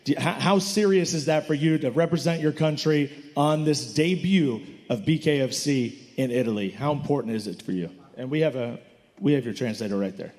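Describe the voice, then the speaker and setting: A man's voice: medium pitch, moderate pace, darkish tone, in a large hall. A man hosting a fight press conference, asking fighters questions in an enthusiastic, hyping manner. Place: hotel conference hall.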